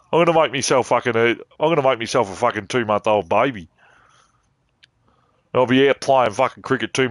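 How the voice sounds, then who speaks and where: A man's voice: mid-range voice, fairly bright tone, no echo. A man giving casual, rambling gaming commentary, full of swearing and cheeky jabs.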